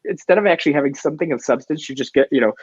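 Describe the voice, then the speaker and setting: A man's voice: fairly high pitch, racing, slightly rough, no room sound. A man hosting a casual comics talk show, talking eagerly and rambling with restarts. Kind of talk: casual chat. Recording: dry, dull lo-fi sound.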